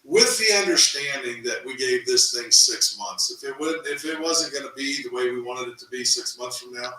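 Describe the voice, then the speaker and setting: A middle-aged man tells a story in a casual interview, lively, repeating words and acting out quotes. His voice is bright and forward. It is recorded in an echoey room from some way off the mic. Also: medium pitch, normal speed, recorded from a distance. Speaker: real estate team owner, interview guest.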